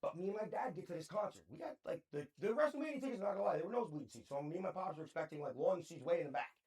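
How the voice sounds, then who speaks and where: A man in his thirties chats on a podcast in a high, lively voice that leaps up and down as he gets worked up. He spins his stories with a steady stream of slang and casual swearing. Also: rapid-fire. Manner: excitable storyteller, heavy slang and swearing. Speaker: podcast co-host. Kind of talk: casual chat.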